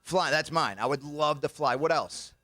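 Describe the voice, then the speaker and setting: Bright-voiced man telling comic stories. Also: fairly high pitch, normal speed, no echo, studio quality. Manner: jokey storytelling, acts out quoted voices. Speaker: banquet speaker. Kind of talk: stand-up comedy routine. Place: banquet hall.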